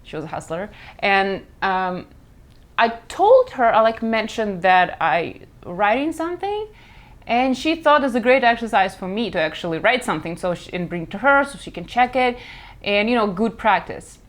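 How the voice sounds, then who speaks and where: A young woman who creates comics chats casually about her work, speaking with a Russian accent since Russian is her first language. Her talk is rambling, frank and full of self-corrections, delivered in a mid-range voice with lively intonation at a moderate pace.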